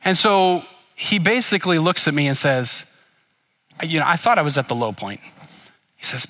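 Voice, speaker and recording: A middle-aged man gives a sermon through a story from his own life. His voice is bright and somewhat high. He tells it with animation and drops to a near whisper for embarrassed asides. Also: moderate pace, long pauses. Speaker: pastor.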